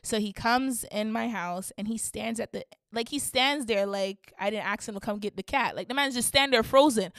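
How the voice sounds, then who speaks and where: A young woman hosting a podcast, telling a story casually and animatedly, dropping to a hush and rising to shrieks, laughing through it. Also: on the high side, moderate pace, dry recording, clean studio sound. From Canada. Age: young adult. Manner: animated, swings from hushed to shrieking. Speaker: podcast host.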